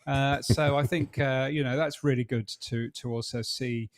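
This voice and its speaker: A middle-aged man from Britain, chatting as a guest in an interview and pausing on many fillers. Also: mid-range voice, steady tone, no echo, clean studio sound. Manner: hesitant, many fillers and restarts. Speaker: podcast industry guest. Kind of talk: casual interview chat.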